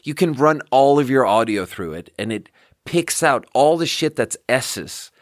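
A man's voice: mid-range voice, animated, measured pace, no echo, clean studio sound. A man in his thirties, hosting a podcast, rants in a loose, self-mocking way and swears often. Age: 30s. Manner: self-deprecating, swears freely, jumps between thoughts. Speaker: podcast host. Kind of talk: casual comedic rant.

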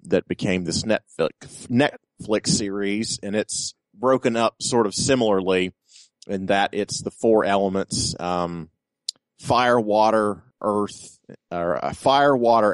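Low-voiced man explaining haltingly. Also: no echo. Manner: halting, lots of ums and uhs while explaining. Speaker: podcast co-host. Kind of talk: casual chat.

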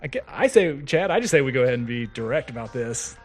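A man playing a tabletop game, speaking in character and out, playful and quick to laugh. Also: mid-range voice, sing-song, faint music behind. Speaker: player. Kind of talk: tabletop role-play.

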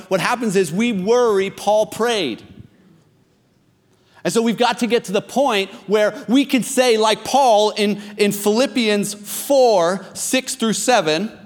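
A pastor in his thirties preaching a sermon, talking conversationally and then pressing his point with emphasis. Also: high voice. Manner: conversational and emphatic, rising to exhortation. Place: church hall. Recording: long reverb of a large hall.

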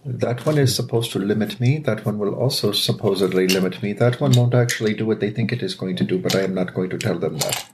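A man's voice: lowish voice, quick pace, a little hiss or hum. A man playing his character in a tabletop role-playing game, speaking formally and precisely without contractions. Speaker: player.

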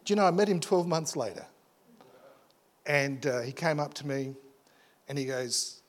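A man's voice: a little high, animated, normal speed, long pauses. A man preaching in church as a pastor, telling a story with lots of stammers and restarts. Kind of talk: sermon.

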